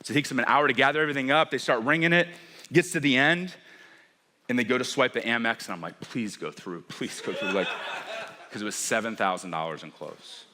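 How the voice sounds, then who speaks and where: A man giving a storytelling keynote on a conference stage, animated and acting out the dialogue of the people in his story. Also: mid-range voice, fast talker, heavy background noise. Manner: animated, acts out dialogue with quoted voices. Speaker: keynote speaker.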